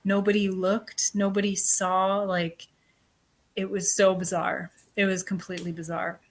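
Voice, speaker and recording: A woman speaking as an interview guest, telling a story in a chatty, animated way with lots of filler words. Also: mid-range voice, a little slow, a little hiss or hum. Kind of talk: casual interview chat.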